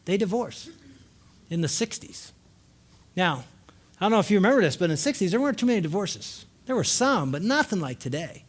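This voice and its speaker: Older male conference speaker with a slightly high voice, earnest storyteller, wry with the crowd, shifts between loud and hushed. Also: slightly rough. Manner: swings from lively and loud to hushed and slow for emotional moments. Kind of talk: personal storytelling talk to a live audience.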